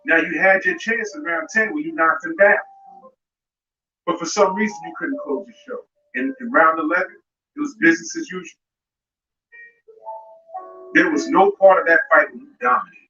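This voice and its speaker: A man hosts a live boxing show, ranting confrontationally and talking directly to a fighter. His voice is high-pitched and animated, with a sharp tone, normal speed, and frequent pauses. The recording sounds roomy, distant, and dull, with music playing behind him.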